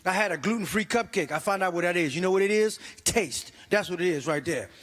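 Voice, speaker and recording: High-voiced guy doing stand-up, really animated, echoey hall sound. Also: fast. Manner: animated, exclaiming, acting out voices. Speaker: stand-up comedian. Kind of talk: stand-up comedy set. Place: church comedy stage.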